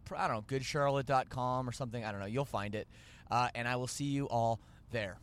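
A man's voice: medium pitch, brisk, clean tone. A man hosting a podcast, rambling and joking as he corrects himself mid-sentence. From Canada. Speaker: podcast host. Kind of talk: casual podcast chat.

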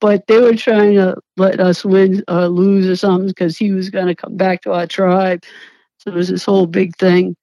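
A young woman talks as an interview guest, laughing often and acting out what people said. Her telling is animated and loose, with casual swearing. The sound is dry and close. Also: medium pitch, normal speed, no echo, highs cut off. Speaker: interview guest, former reality show contestant. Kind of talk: casual storytelling.

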